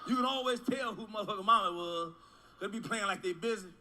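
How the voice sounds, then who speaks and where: A middle-aged man doing a stand-up comedy routine, loud and crude, rambling and repeating his lines. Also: high-pitched, fast, noisy background.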